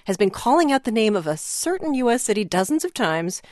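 A woman's voice: on the high side, very animated, brisk, darkish tone, dry recording, clean studio sound. A woman hosting a conversational radio news segment, chatty and self-deprecating.

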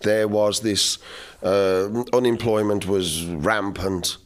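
A man's voice: on the low side, fairly even intonation, takes it slowly. A man, a musician guest telling wry, laughing anecdotes in an interview. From English Midlands. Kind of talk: storytelling interview chat.

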